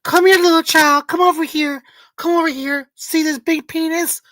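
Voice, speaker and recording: A man's voice: very high voice, steady tone, normal speed, sharp tone, no room sound, pitched above the performer's own voice. A man voicing a creepy man luring a child, in a mocking sing-song.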